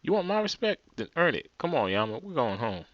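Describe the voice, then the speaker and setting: A man's voice: mid-range voice, sing-song, brisk, lo-fi sound, natural voice. A man with a New Jersey accent voicing a protective, sassy young big sister with a defiant, teasing manner.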